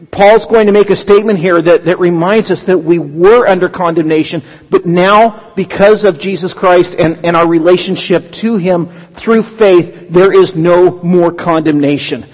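A man's voice: sits high, fairly even intonation, moderate pace. A male pastor preaching a sermon in a conversational teaching manner, with humorous asides. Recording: dull lo-fi sound with long hall reverb.

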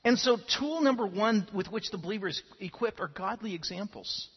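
A male pastor gives an earnest sermon in a high, husky voice, often repeating words as he starts his phrases. The recording is dull and lo-fi, with a long reverb trailing through a church hall. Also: expressive, brisk, hardly any pauses. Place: church sanctuary.

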